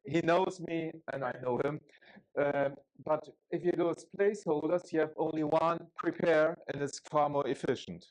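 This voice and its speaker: A man's voice: fairly high pitch, fairly even intonation, moderate pace, low-quality recording. A man from Germany with a German accent, giving a chatty, joking technical talk at a conference, with frequent fillers and restarts. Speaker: conference speaker.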